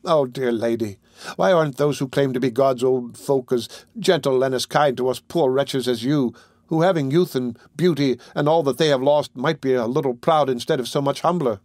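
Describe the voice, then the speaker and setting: A man's voice: medium pitch, moderate pace, darkish tone, no room sound, studio quality, lightly acted. A man reading the lines of a frightened young woman in a storybook, urgent and pleading.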